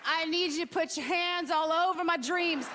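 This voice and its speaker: A woman's voice: very high-pitched, normal speed. A woman in her thirties from Texas, doing a brash, flirty stand-up comedy audition on a talent show stage. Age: 30s. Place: theater stage before a live audience. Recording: loud crowd and noise on a stage.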